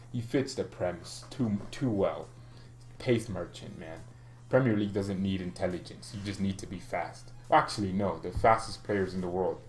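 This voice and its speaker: A man's voice: low voice, roomy sound. A man hosting a fan channel, chatting casually on a live stream, joking, ranting and answering viewer comments with frequent laughs. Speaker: football fan channel host.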